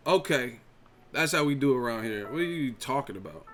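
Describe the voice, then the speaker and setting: A male host of a boxing live chat rants heatedly and profanely on stream, laughing mid-sentence, with faint music in the background. His mid-range voice is expressive, a bit bright, and a little fast.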